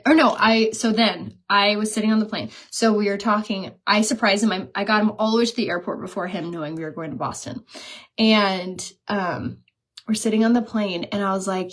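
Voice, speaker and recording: A woman's voice: mid-range voice, fairly quick. Chatty 30-something woman doing her makeup and gabbing, laughs at herself a lot. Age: 30s. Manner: chatty, self-mocking, storytelling, laughs at herself. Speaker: beauty vlogger. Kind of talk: casual chat while doing makeup.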